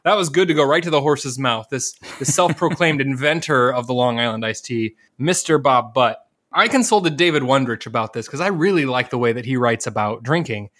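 A man with a Northwest Ohio accent co-hosting a casual podcast chat, relaxed and joking, reading quotes aloud. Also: mid-range voice, a little fast. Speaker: podcast co-host.

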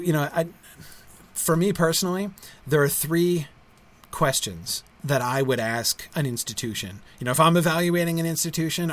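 Speaking in a fairly high voice, a middle-aged man who founded a school chats loosely with his livestream audience. He stumbles through frequent fillers and restarts, and he tends to close his points with a tag question.

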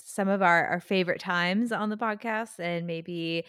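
A woman's voice: lowish voice, a little slow, a bit bright, clean tone, dry recording, clean studio sound. A young woman co-hosting a podcast, chatting casually with many "like" fillers over a remote recording. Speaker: podcast co-host. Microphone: remote call, home mic.

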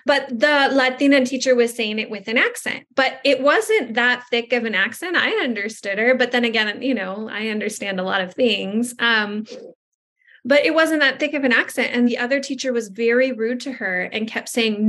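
A Southern California speech-language pathologist hosts a podcast interview, chatting and telling a rambling story about her speech therapy work. Her voice sits a little high and sounds a bit bright, and she talks at a moderate pace. The talk is a conversational interview.

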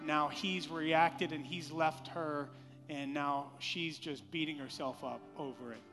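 A man preaching a sermon as pastor in a church, animated, acting out scripture lines with playful voices. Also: a little high, unhurried, in a large hall, music in the background.

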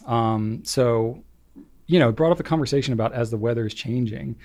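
A man's voice: medium pitch, brisk, darkish tone. A man co-hosting a podcast in casual chat, rambling along with lots of filler words. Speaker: podcast co-host.

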